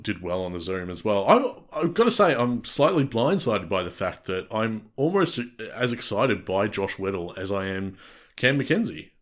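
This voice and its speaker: A man's voice: lowish voice, fairly bright tone. An Australian man co-hosting a casual sports podcast, chatty and reading out player details with frequent restarts. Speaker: podcast co-host.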